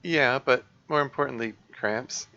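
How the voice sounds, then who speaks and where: A man playing a worn-out young woman, usually composed but now emotional. Halting and subdued, yet with a bright, sharp tone. The recording is a little muffled, with faint music under it. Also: mid-range voice, voice pushed up. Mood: weary.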